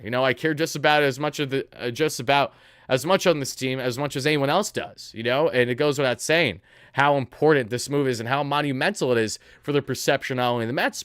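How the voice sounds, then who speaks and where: A man's voice: mid-range voice, fairly bright tone, no echo, clean studio sound. A man in his twenties hosting a casual sports livestream, earnest and emotional as he reads out viewer donations. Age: 20s. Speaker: livestream host.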